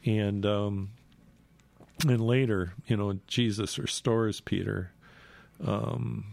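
A man's voice: fairly low pitch, fairly even intonation, takes it slowly, gravelly, a little mellow. A man retelling a Bible story informally, conversational and full of "you know" asides.

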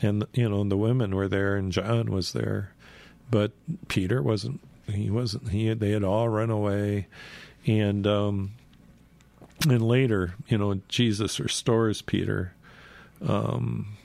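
A man's voice: fairly low pitch, fairly even intonation, slow pace, creaky, darkish tone. A man casually retelling Bible stories in a rambling way, full of fillers.

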